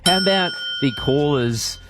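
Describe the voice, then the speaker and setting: A man with an Australian accent co-hosting a radio show, joking quickly with his partner and callers. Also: a little high, music in the background. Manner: fast, animated, joking. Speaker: radio co-host. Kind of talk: breakfast radio banter.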